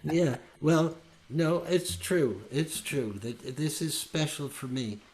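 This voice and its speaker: A man's voice: a little high, takes it slowly, darkish tone. An older man, a folk singer, talking earnestly and rambling, often restarting his sentences. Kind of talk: heartfelt casual chat after a song.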